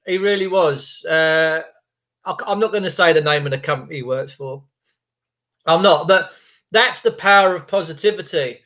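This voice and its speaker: A man's voice: a little high, normal speed, sharp tone. A man telling a rambling story in a chatty, emphatic, repetitive way. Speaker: vlogger.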